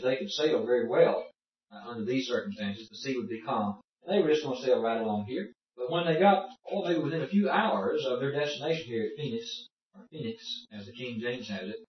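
A man's voice: medium pitch, lively intonation, fairly quick. A man leads a Bible class in a folksy, explanatory way, stopping to ask his students questions. He sounds far from the microphone, and the room is very echoey. The recording is muffled. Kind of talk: informal Bible study lesson.

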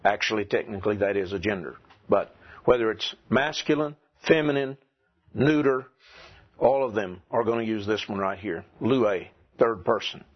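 A Southern American man lecturing a class, deliberately drilling and repeating pronunciations. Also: fairly low pitch, slightly rough. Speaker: Greek teacher. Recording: dull lo-fi classroom recording.

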